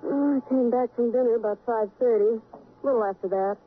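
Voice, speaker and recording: Brisk sardonic salon owner, highish voice, tinny old radio. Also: female voice, husky. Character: brusque, sardonic woman beauty parlor owner. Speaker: beauty parlor owner. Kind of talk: 1950s radio drama acting.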